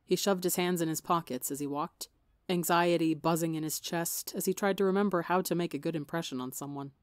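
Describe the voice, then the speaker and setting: Woman narrator with a slightly gravelly voice. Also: fairly low pitch, steady tone, a little fast, no room sound, studio quality. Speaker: podcast fiction reader. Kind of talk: audiobook narration of fan fiction.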